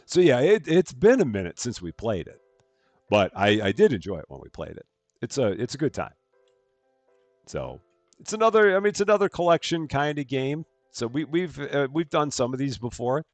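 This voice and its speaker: A man's voice: mid-range voice, very animated, normal speed, darkish tone, no echo, faint music behind. A man streaming a game live, chatting through his moves and thanking viewers as he plays. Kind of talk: live gameplay commentary.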